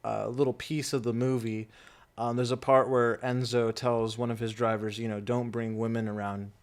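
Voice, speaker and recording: A man's voice: medium pitch, flat delivery, normal speed. A young man co-hosting a casual movie review chat, asking curious questions and reacting with laughs. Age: young adult.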